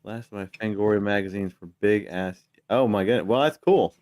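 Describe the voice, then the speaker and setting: A man hosts a casual podcast chat with a fairly low voice. He teases his guest and reads comments from the live chat. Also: brisk, a little mellow. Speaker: podcast host.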